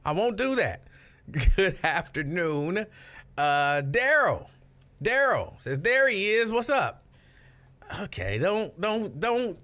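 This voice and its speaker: A man's voice: high-pitched, sing-song, slow pace, sharp tone. A man hosting a casual afternoon live stream, greeting viewers by name, reading out their comments and joking about himself. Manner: playful, joking self-mockery. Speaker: host.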